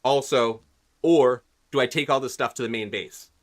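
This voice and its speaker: This man speaks at normal speed in a medium-pitched voice while streaming a video game. He rambles in a chatty way and asks his viewers what they think.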